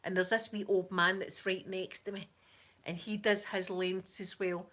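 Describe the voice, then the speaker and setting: A woman with a Scottish accent telling a story in a casual, chatty way, animated one moment and softly spoken the next. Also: mid-range voice, measured pace. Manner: chatty, animated, with frequent laughter and soft asides. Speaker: ASMR channel host.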